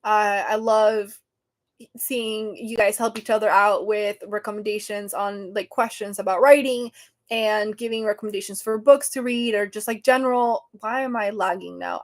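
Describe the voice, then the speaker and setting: Chatty and flustered, a woman hosts a casual livestream from her phone, sweating and laughing often. Her mid-range voice keeps a fairly even intonation at normal speed.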